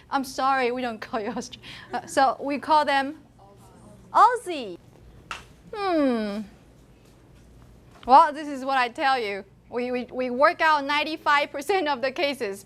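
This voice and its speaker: A woman's voice: sits high, a bit bright. A female university lecturer with a Taiwanese accent, giving a classroom lecture and often asking the students questions and laughing.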